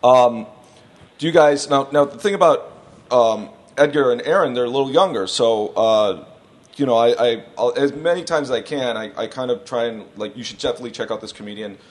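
Speaking a little fast in a mid-range voice, the male podcast host wanders through stories in a casual, animated chat. He acts out whoever he's quoting.

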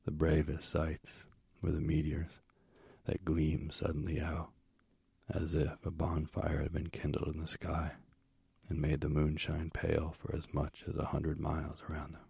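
In a dry, close recording without any echo, a male narrator reads a myth aloud as an audiobook. He keeps a steady, measured delivery in an extremely deep, husky voice.

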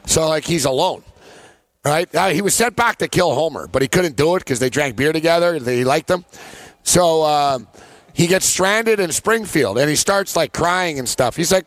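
A man's voice: a little high, animated, normal speed, no room sound. A man hosting a sports betting talk show, telling stories in a rambling, casual way and laughing often. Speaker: sports betting podcast host. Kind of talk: casual chat.

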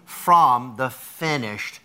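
A male host of a Christian talk show speaks at a medium pitch with lively intonation, very slowly, in a bright and forceful tone. He's enthusiastic and reacts to his guest with frequent wows.

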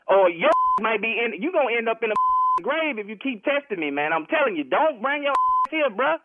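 Male phone caller, high lively voice, agitated and threatening, phone-line sound. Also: moderate pace, no echo. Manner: agitated, threatening, loud and animated. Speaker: prank call target.

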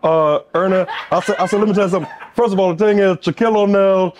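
Man doing a rambling old basketball pundit, comedic impression, high voice, noisy clip. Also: steady tone, quick pace, natural voice. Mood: rambling, jovial. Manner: rambling, repeats "let me tell you something". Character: boisterous older male basketball pundit impression.

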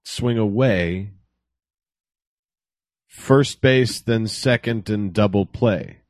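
A man's voice: on the low side, drawn-out words, darkish tone, no room sound, studio quality. A man in casual comedic chat, teasing and wry in his remarks. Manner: teasing, quotes lyrics in a mocking sing-song.

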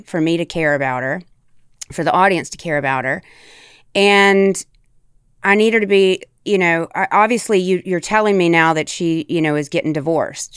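A woman's voice: on the low side, smooth, dry recording, studio quality. A woman from the American South, an actress chatting candidly on a podcast, casual and given to swearing. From Tennessee, US South. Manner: chatty and candid, swears freely, demonstrates accents. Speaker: actress guest.

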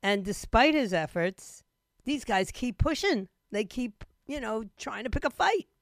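Talk radio lady w scratchy throat, chatty and animated, laughs a lot, dry mic sound. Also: fairly high pitch, measured pace, no echo. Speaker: radio talk show host.

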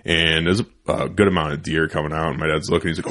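A man's voice: rumbling low, steady tone, fast, fairly bright tone. A young man hosting a podcast, telling a loose, profane, rambling story in a casual studio chat. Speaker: podcast host.

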